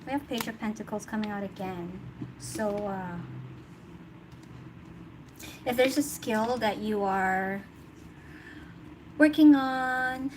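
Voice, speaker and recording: A woman giving a casual tarot reading, chatty and thinking aloud, laughing often. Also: medium pitch. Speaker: tarot reader. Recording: noticeable background noise.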